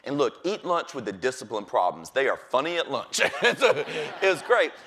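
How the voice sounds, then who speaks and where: A middle-aged male teacher tells classroom stories in a lively, storytelling way. His pitch swings widely as he slips into quick impressions of students and his principal. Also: slight background noise. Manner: lively, acts out voices of kids and principal. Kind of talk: storytelling talk.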